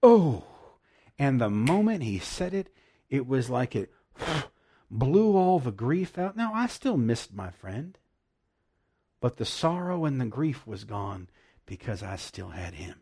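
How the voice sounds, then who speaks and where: A man preaching a devotional sermon, emphatic and repeating key lines slowly, at times dropping to hushed praise. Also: mid-range voice, very animated, slightly rough.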